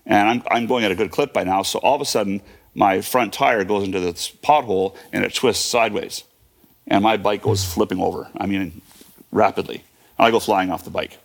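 Tell it fast, low and gravelly, like a man in his fifties reliving a childhood story. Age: 50s. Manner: vivid present-tense retelling with fillers and restarts. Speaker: guest. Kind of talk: personal storytelling.

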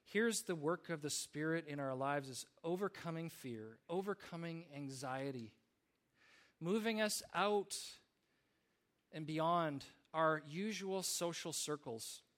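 A man's voice: a little high, expressive, slow pace, a bit bright. A man preaching a sermon, telling stories in an earnest way with small restarts. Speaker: pastor.

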